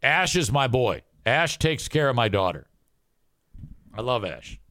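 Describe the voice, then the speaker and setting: A middle-aged man hosts his own live show and rambles casually, swearing freely. His voice sits at an ordinary pitch and sounds dry, close to the mic. His talk wanders, with plenty of restarts and blunt asides. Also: big pitch swings, unhurried, pushed and bright, no room sound. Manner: crude, profane, rambling.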